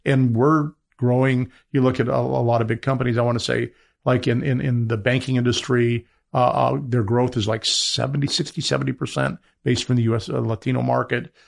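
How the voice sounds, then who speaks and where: A man talking as a guest in a business interview, rambling with many restarts as he makes his pitch. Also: little pitch movement, fairly quick, creaky. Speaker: media entrepreneur guest.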